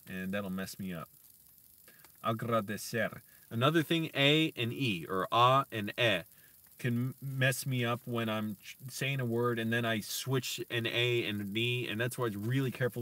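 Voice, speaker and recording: A man teaching himself Spanish on a casual stream, slowly sounding out words and correcting himself, with chatty asides to viewers. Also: medium pitch, sharp tone, far from the mic. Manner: slow deliberate sounding-out of words, self-correcting. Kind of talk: casual live-stream language practice.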